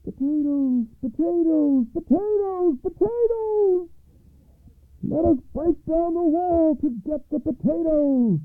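A storyteller voicing hungry young soldiers who shout and chant for food, in a tinny phone-like recording. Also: very high voice, lively intonation, slow pace, no echo, voice pushed up, heavily acted. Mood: demanding.

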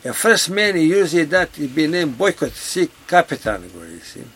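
A man's voice: on the high side, big pitch swings, normal speed, fairly bright tone, husky. Older Yugoslavian man in broken English. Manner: broken English, repeats "you see". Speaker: interviewee. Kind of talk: oral history interview. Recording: 1970s tape with background noise.

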